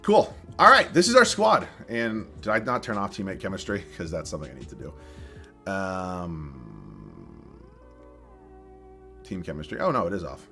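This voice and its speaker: A man's voice: low-pitched, big pitch swings, unhurried, gravelly, pauses often, bright, forceful tone, soft background music. A young man from southern Massachusetts streaming live, chatting casually, thinking aloud and laughing as he reads viewer chat.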